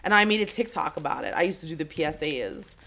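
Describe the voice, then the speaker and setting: A woman's voice: low-pitched, expressive, quick pace, sharp tone. A woman co-hosting a podcast in casual chat, telling stories with lots of "like". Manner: chatty storyteller, lots of "like". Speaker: podcast co-host.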